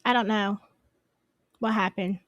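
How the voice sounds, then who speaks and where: A woman's voice: medium pitch, steady tone, a little slow, fairly bright tone, no room sound, muffled recording. A woman hosting a live stream, chatting casually and apologizing in a flustered, rambling way. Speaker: livestream host.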